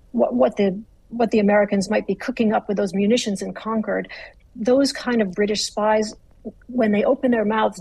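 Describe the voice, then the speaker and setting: Woman writer being interviewed, husky with some fry, talks it through carefully, lots of restarts. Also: mid-range voice, darkish tone, no room sound, poor audio. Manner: articulate, measured, with frequent restarts. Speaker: author, interview guest. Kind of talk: thoughtful interview answers.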